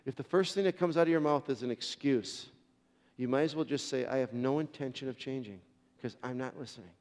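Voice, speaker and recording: A man's voice: medium pitch, darkish tone, in a large hall. A man preaching a sermon as pastor, telling a story in an earnest way with frequent restarts.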